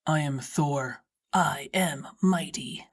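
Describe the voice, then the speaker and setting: A woman's voice: low voice, takes it slowly, husky, pitched below the performer's own voice, heavily acted. A woman voicing a laid-back, teasing young man in an audiobook. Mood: playful. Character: easygoing young man, playful, helpful boyfriend.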